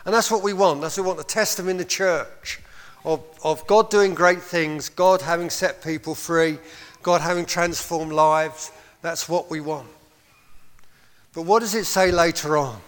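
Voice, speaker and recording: A pastor preaches with impassioned appeals, now and then breaking into short laughs. His voice sits high for a man. It rings out with the long reverb of a church hall. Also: steady tone, normal speed, a bit bright. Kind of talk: sermon.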